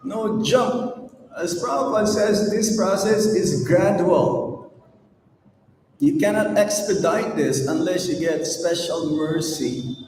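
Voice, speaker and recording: Slow man preaching in an echoey hall. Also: sits high, expressive, darkish tone, a little hiss or hum. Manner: slow, emphatic, addresses the audience with rhetorical questions. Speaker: swami giving a lecture. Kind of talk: devotional sermon. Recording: echoey hall, mic at a distance.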